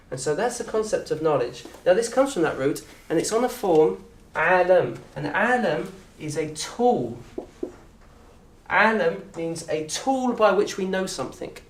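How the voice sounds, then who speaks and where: A man with a southern English accent teaching an Arabic course in a lecture room. He talks in a lively way, quizzes the audience and acts out little scenes. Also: on the high side, a little hiss or hum. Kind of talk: lecture to an open day audience. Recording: roomy echo from a distant mic.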